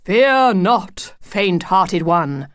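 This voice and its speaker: A woman voicing a proud, excitable male wolf who has just become a father, talking in a grand, formal way. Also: on the low side, drawn-out words, dry recording, studio quality.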